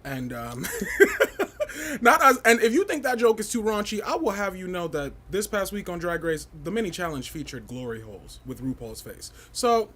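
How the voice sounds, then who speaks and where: Campy, sassy male livestream host. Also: moderate pace. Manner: campy, playful and animated, with big swoops in pitch; sassy and outspoken. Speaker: livestream host of a fashion review show. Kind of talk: casual livestream chat.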